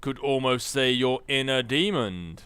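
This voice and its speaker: A man's voice: medium pitch, lively intonation, unhurried, fairly bright tone, smooth, no echo. A man giving casual, jokey commentary over a video game, musing aloud and laughing often. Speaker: gameplay commentator. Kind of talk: casual Let's Play commentary.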